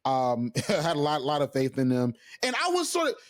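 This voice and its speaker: Male co-host, slightly higher voice, animated and emphatic, casual sports chat. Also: fairly quick. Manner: animated, emphatic, with frequent restarts and asides. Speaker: podcast co-host.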